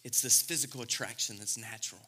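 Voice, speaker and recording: A middle-aged male pastor preaching a sermon, swinging between loud, excited passages and hushed, intimate ones. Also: medium pitch, fast talker, breathy edge.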